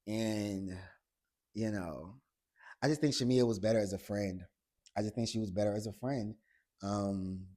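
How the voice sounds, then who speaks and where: In a laid-back vlog, a man goes over a reality TV episode, speaking right to the cast with blunt, profane remarks and gossipy retellings of scenes. His voice is low-ish and mellow.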